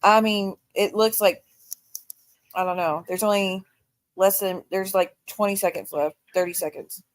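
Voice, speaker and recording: A woman's voice: mid-range voice, steady tone, measured pace. A woman co-host speaking bluntly and earnestly in casual stream chat.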